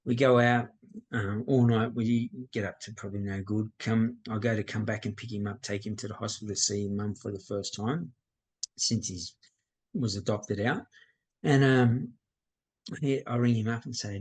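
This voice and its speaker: Here a middle-aged mindset coach from Australia, guesting on a podcast, candidly recounts his life with reflective, plain-spoken candor and performs the lines he quotes. He has a lowish, husky, darkish voice, holding a steady tone at normal speed, captured in a rough recording.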